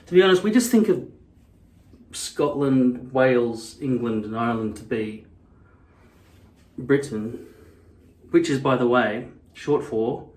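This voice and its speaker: A man's voice: medium pitch, animated, slow, pauses often, a little mellow. A man vlogging casually to camera, blunt and profane, wandering into rambling asides. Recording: echoey room.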